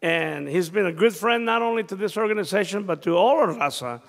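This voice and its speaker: A man's voice: high-pitched, lively intonation, brisk, creaky. A man emceeing an awards banquet, formally introducing the next performer and calling for applause. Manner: announcing, rallying applause. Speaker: master of ceremonies. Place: hotel ballroom. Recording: echoey hall, PA system.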